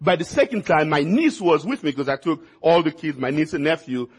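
Man, preacher, high-pitched, husky, sermon, folksy storytelling, repeats words for emphasis. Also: fairly quick.

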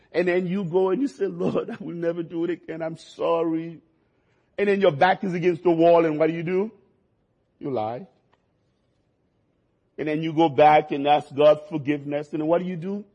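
A man preaching a sermon, his delivery swinging between quiet, low passages and rising, emphatic stretches. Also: slightly rough, dull audio. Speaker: pastor.

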